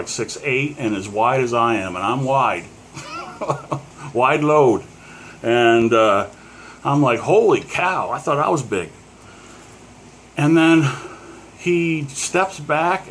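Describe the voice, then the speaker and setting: A man's voice: lowish voice, fairly bright tone, slight background noise. A middle-aged man from Pennsylvania telling a story casually to the camera, rambling with many fillers and chuckles. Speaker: collector.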